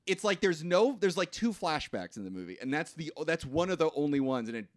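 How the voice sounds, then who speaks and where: A man co-hosting a podcast, recapping a movie in casual chat, rambling and halting with restarts and swearing. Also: fairly high pitch, big pitch swings, no echo, clean studio sound. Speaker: podcast co-host.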